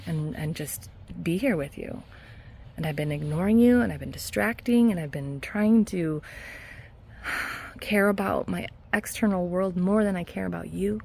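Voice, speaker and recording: A woman hypnotherapist talking casually in a self-help vlog, earnest and encouraging, with soft laughs. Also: on the low side, gravelly, slight background noise. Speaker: hypnotherapist and mindset coach.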